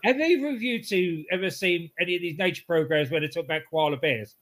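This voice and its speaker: A man with a slightly raised voice co-hosts a relaxed podcast chat. He winds through rambling anecdotes with restarts and chuckles at his own punchlines. His tone stays easygoing and conversational. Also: on the high side, fast. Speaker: podcast co-host. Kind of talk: casual wrestling podcast chat.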